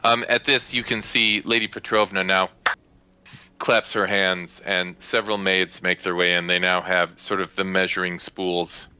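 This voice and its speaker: A man's voice: low-pitched, level tone, normal speed, bright, forceful tone, clean tone, low-quality recording. A man narrating a tabletop game as game master, rambling with many fillers.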